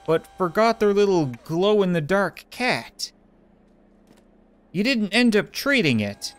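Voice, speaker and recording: A man's voice: high voice, smooth, no room sound. Sarcastic young man joking over gameplay. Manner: sarcastic, laughs often. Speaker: gaming commentator. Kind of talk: casual gameplay commentary.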